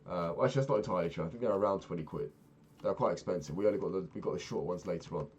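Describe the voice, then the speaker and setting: Deep-voiced young man, down and sweary. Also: very fast, a little mellow, husky. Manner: swears often, rambling and candid. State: low and sad. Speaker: Minecraft vlogger. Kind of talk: casual chat while playing a game.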